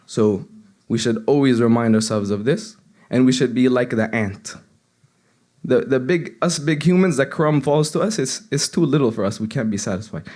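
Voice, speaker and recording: A man's voice: mid-range voice, normal speed, darkish tone. A young man, a seminary student, gives an earnest, conversational sermon with frequent restarts. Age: young adult. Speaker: seminary student giving a reminder. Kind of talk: informal sermon.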